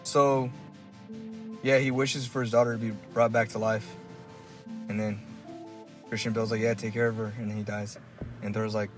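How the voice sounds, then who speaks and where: A man co-hosting a casual podcast, recapping a film in a relaxed way with lots of "like" and "yeah". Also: fairly low pitch, normal speed, pauses often, over music. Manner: relaxed, fillers like "like" and "yeah", acts out characters. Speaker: podcast co-host. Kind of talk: casual chat, movie review. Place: collectibles shop.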